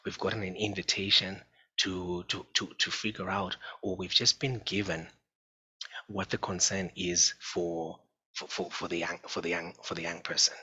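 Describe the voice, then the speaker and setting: A man's voice: deep voice, level tone, normal speed, sharp tone, husky, highs cut off. A man presenting a parenting talk as a psychologist, earnest and repetitive, calling his listeners folks. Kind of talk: informal presentation.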